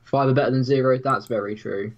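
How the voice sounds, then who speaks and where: A man's voice: mid-range voice, steady tone, fast talker. A man co-hosting a livestream, chatting casually and mumbling asides while he reads the chat. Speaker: stream co-host. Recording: dull lo-fi stream mic.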